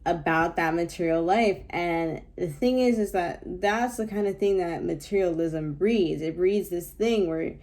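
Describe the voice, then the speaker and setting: A woman's voice: lowish voice, measured pace, few pauses, darkish tone. A woman giving casual reaction commentary on a clip, thinking aloud in a loose, rambling way. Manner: thoughtful, rambling with many fillers.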